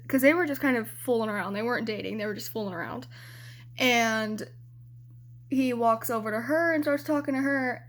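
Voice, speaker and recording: A young adult woman telling a story to camera in a casual vlog, chatty and giggly, swearing freely. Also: a little high. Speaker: vlogger.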